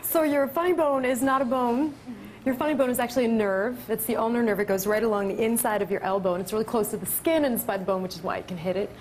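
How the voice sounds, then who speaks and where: A woman doctor on a talk show, explaining answers in a brisk, chatty way. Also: a little high, steady tone, slight background noise, poor audio. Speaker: doctor answering audience questions.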